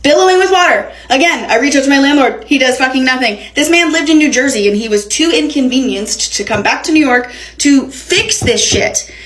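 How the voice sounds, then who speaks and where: A young woman telling a wild storytime in a casual, animated, profane way. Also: high voice, brisk. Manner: animated, profane, dramatic retelling. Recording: echoey room.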